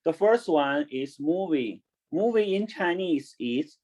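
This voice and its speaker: A man teaching an online class to children, talking slowly, repeating words and spelling them out, switching between English and Chinese. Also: fairly high pitch, expressive, poor audio.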